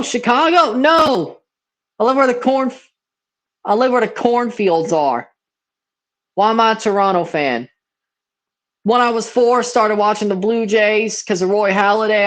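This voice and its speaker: A man's voice: high voice, fairly bright tone. A 21-year-old man with a near-Southern American accent, calling plays and rambling bluntly in slangy casual chat while hosting a livestream watchalong. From Mississippi, USA. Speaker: livestream host.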